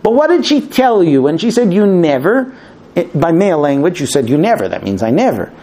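A man giving a lecture, animated, acting out quoted exchanges in raised voices. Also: on the high side, a little fast. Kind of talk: spoken lecture to an audience.

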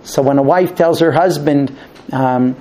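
A man giving a lecture, animated, acting out quoted exchanges in raised voices. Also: fairly high pitch, a little slow, slight background noise. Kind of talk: spoken lecture to an audience.

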